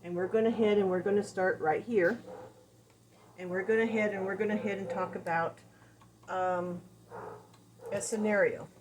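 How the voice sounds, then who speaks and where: A woman's voice: mid-range voice, fairly even intonation, moderate pace, pauses often, crowd noise, poor audio. A woman dog trainer giving a casual, conversational lesson, explaining with everyday examples. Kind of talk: instructional talk.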